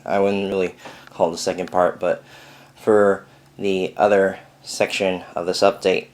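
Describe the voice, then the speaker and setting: A young man with a somewhat low voice talks casually and at length in his bedroom. His delivery rambles, full of "uh" and "you know" as he loops back on himself. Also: level tone, a little slow, darkish tone. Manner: rambling, chatty, many fillers. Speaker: Lego builder vlogger. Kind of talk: casual video update. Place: bedroom at home.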